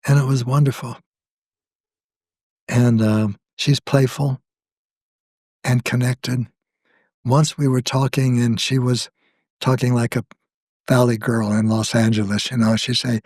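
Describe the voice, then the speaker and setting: Older man, slow and measured, dry sound. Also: mid-range voice, fairly even intonation, a little mellow, no echo. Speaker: guest, spiritual author. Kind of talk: reflective conversation.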